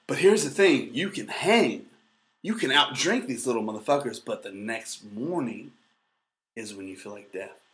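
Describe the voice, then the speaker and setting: A man's voice: mid-range voice, moderate pace. A man in his thirties co-hosting a casual podcast, joking and swearing freely. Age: 30s. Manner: animated, crude and joking. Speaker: co-host.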